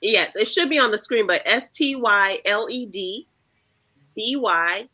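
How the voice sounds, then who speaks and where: A woman's voice: mid-range voice, a little slow, bright, forceful tone, dry recording, poor audio. A woman joining a podcast as a guest, speaking in an upbeat, friendly way. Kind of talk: casual chat.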